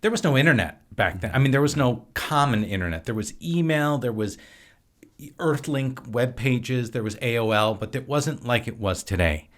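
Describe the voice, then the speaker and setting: A man's voice: mid-range voice, moderate pace. Chatty man telling long stories. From Wisconsin, USA. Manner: lively, rambling anecdotes. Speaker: podcast guest, filmmaker and actor. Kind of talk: casual storytelling.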